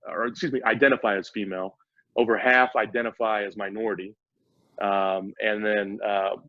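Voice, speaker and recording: A man's voice: fairly low pitch, fairly bright tone, no room sound. A man speaking as a startup CEO guest in a casual interview, eager and explaining at length with frequent restarts. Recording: dull, dry lo-fi audio.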